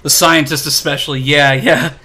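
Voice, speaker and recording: A man's voice: fairly high pitch, steady tone, moderate pace, bright, forceful tone, faint music behind. A man streaming a video game, chatting casually in a rambling, self-deprecating way with lots of fillers. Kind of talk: casual chat while playing.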